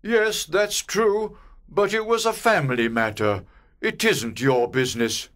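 A man's voice: sits high, lively intonation, a little slow, a bit bright. A man playing a haughty, weary old ghost. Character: weary centuries-old male ghost, proud and rude. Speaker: ghost in a graded reader audio. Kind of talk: scripted audiobook drama.

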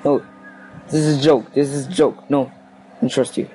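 A man's voice: medium pitch, normal speed, breathy edge, low-quality recording. A young man commenting casually on a horror game he is playing, anxious and pleading, rambling as he goes. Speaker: gaming video host. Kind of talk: casual let's play commentary. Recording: home recording with steady background noise.

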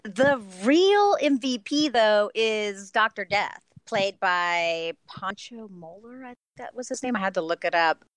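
A woman's voice: mid-range voice, animated, a little slow, few pauses, dry recording. Gushing woman film reviewer, dry sound. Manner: enthusiastic, gushing, frequent laughter. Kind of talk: casual podcast chat.

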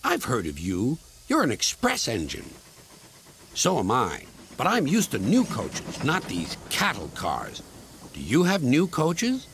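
A man's voice: mid-range voice, wildly swooping pitch, takes it slowly, a little hiss or hum, pitched above the performer's own voice, exaggerated voice. A man doing Sir Handel, a snooty grumbling engine. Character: haughty, bad-tempered male steam engine. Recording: loud music underneath.

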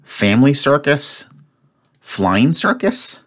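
A man solving a word puzzle out loud, thinking aloud and muttering to himself. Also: mid-range voice, big pitch swings, slow pace. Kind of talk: solo puzzle-solving commentary.

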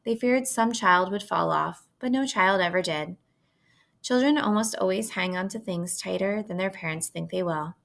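A woman reading a children's novel aloud in a steady, gentle storytelling manner. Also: medium pitch, normal speed, vocal fry.

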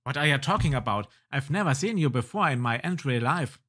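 A man's voice: medium pitch, lively intonation, a little fast, fairly bright tone. A man voicing a bossy, threatening male spy from a video game. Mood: indignant.

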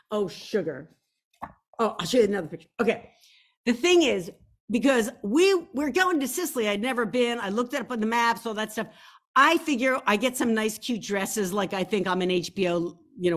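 A woman host, telling a story in a casual, chatty way, animated and playful with teasing jokes about herself. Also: on the high side. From Philadelphia. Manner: chatty, animated, playful and self-mocking, with whooping outbursts. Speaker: show host and novelist. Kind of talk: casual storytelling to camera, showing photos.

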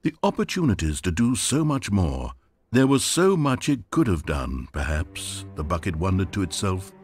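Dry-witted male game narrator, lively. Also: on the low side, moderate pace, husky. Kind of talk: scripted video game narration.

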